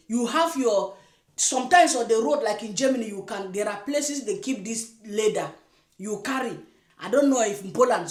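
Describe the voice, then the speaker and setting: Emphatic scolding woman, high lively voice. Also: echoey room. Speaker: commentary vlogger. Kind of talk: reaction commentary monologue. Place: lives in Germany.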